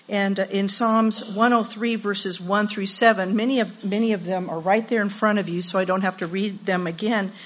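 A woman in her sixties speaking at a women's retreat, telling funny stories with laughter and then teaching scripture earnestly. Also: mid-range voice. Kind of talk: storytelling sermon.

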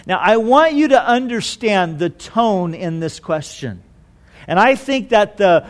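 A man preaching a sermon in a conversational way, acting out quoted lines and dropping to soft tones. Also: high voice. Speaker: pastor.

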